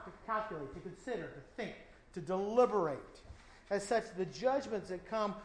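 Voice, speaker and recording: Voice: medium pitch, echoey room, low-quality recording. A Bible teacher preaching a verse-by-verse sermon, emphatic and full of rhetorical questions.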